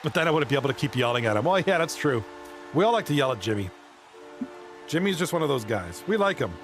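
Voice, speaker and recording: A man chatting casually on a live stream, rambling and excitable as he talks with viewers. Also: mid-range voice, fast, soft background music. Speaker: live streamer and league commentator.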